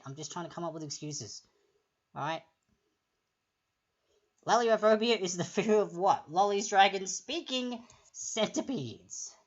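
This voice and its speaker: A woman hosting a live trivia stream, reading out multiple-choice questions twice and wandering into chatty, rambling asides. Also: low-pitched. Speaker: trivia quiz host. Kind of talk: casual livestream chat reading quiz questions. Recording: lo-fi stream audio with background music.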